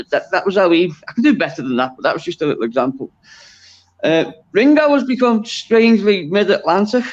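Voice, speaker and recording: A guest from Liverpool, England, speaks with a Scouse accent in a fairly high, animated voice, a little fast, with the highs cut off. Chatting casually on a video call for a live stream, he rambles, interrupts and corrects himself, and chuckles.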